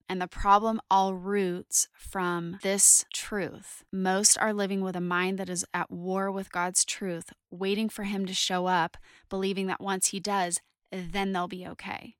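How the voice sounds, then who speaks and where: Bright-voiced woman giving earnest Bible teaching. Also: mid-range voice, clean tone, no echo, studio quality. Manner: earnest and conversational, mixing scripture reading with personal stories. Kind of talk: devotional teaching to camera.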